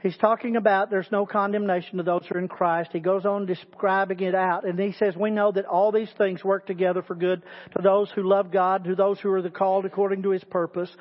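High-voiced preaching pastor, echoing sanctuary. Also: male voice, level tone, fairly quick, hardly any pauses. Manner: preaching with rising emphatic repetition. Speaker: teaching pastor. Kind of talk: sermon. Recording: muffled audio with long hall reverb.

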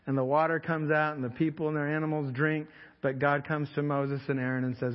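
A man's voice: a little high, level tone, fairly quick. A male pastor preaching a sermon in a conversational, emphatic storytelling way in a church hall. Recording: echoey hall, slightly dull sound.

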